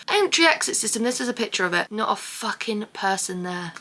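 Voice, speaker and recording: Woman vlogger, sharp tone, ranty and sarcastic, casual delivery. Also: fairly high pitch, fast talker, hardly any pauses. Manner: sarcastic, sweary, animated storytelling. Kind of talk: casual storytelling vlog.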